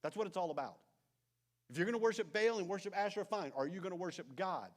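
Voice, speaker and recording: Lively, expressive pastor. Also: male voice, high voice, fast talker. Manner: animated storytelling, often dropping to soft intense asides. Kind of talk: sermon. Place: church sanctuary.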